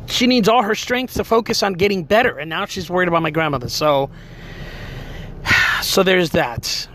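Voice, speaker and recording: A middle-aged man with a fairly high voice tells a family story in an easygoing, rambling way. He leans on filler words and keeps checking in with tag questions. A faint car hum sits under his voice. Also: a bit bright. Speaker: father telling a family story. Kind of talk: casual personal storytelling.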